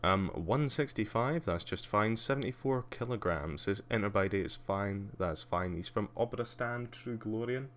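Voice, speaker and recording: Deep-voiced Scottish man with a posh tinge. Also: moderate pace, hardly any pauses, a bit bright, a little hiss or hum. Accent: Scottish with a slight posh English tinge. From Scotland. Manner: chatty, dry, self-mocking. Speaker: streamer. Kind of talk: casual livestream commentary.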